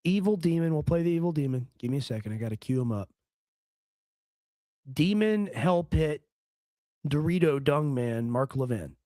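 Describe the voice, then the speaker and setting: A man hosting a casual political commentary stream, joking and rambling, his voice a little hoarse. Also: a little high, lively intonation, moderate pace, pauses often, dark tone, dry recording. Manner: joking, rambling, does comic impressions. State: slightly hoarse. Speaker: stream host.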